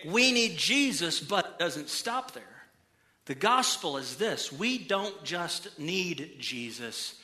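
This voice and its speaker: A middle-aged male pastor giving an animated sermon in a church, moving between quiet emphasis and loud bursts. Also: fairly high pitch, slow pace. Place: church auditorium.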